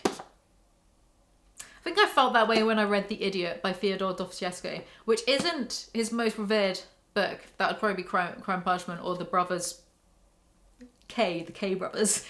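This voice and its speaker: A woman's voice: medium pitch, fairly bright tone. A young woman giving a casual spoken book review to camera at home. She rants candidly and swears freely.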